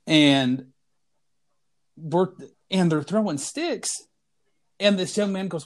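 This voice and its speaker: A man's voice: high-pitched, takes it slowly. A man co-hosting a podcast, telling a funny story in casual chat and laughing through his punchlines. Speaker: podcast co-host.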